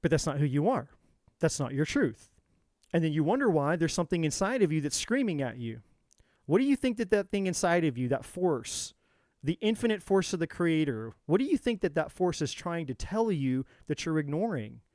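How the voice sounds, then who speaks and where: Speaking as a tarot reader, a man lectures his viewers with fierce, swearing, repetitive motivation. His slightly high voice swings widely in pitch, a little mellow and at a moderate pace. The sound is dry and close, nearly free of room echo.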